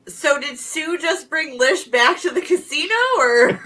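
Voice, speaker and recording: A woman co-hosts a wrestling review and poses puzzled questions about the story. Her voice sits a bit high. She giggles often as she talks. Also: takes it slowly, pushed and bright, a little hiss or hum. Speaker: podcast co-host. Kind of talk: casual wrestling review chat.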